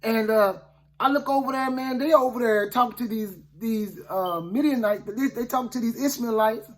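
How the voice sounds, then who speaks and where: This preacher, a man with a very high-pitched voice talking at normal speed, narrates a Bible story casually in the first person. He's folksy and conversational, full of asides, and keeps asking, "you know what I'm saying".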